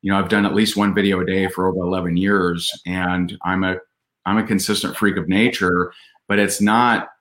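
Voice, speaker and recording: A man's voice: deep voice, little pitch movement, moderate pace, a bit bright. A man telling a personal story as a podcast guest, earnest and full of fillers and restarts. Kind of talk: casual storytelling.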